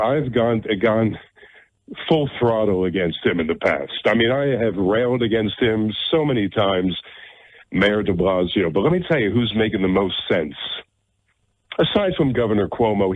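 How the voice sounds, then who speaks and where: A man's voice: fairly low pitch, no echo. A man hosting a talk radio show, delivering an opinionated monologue in a blunt, emphatic way and repeating phrases for effect. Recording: dry, narrow phone-like radio audio.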